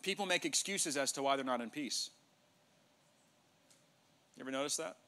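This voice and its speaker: A middle-aged male pastor preaching an emphatic sermon in a church, sometimes dropping to a hushed voice for effect. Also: mid-range voice, moderate pace. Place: church sanctuary.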